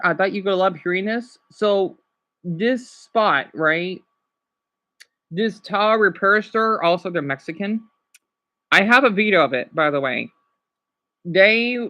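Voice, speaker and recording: A man's voice: high-pitched, pushed and bright, lo-fi sound. A man from Arizona, chatting casually with livestream viewers in a rambling, emotional, apologetic way. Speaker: livestream host.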